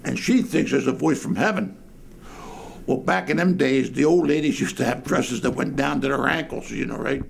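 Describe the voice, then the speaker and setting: A man's voice: medium pitch, normal speed, gravelly, slightly rough. An older man telling a colorful story about his boyhood during an interview, speaking from inside a dim church. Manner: colorful, lively anecdote telling.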